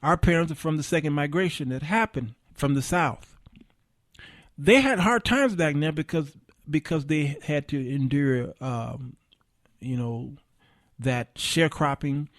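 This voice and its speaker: A man's voice: fairly high pitch, a little slow, dry recording, studio quality. Passionate middle-aged man hosting a show. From Chicago area, US. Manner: passionate, preacher-like, rising and falling emphasis. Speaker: talk show host. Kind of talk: livestream monologue.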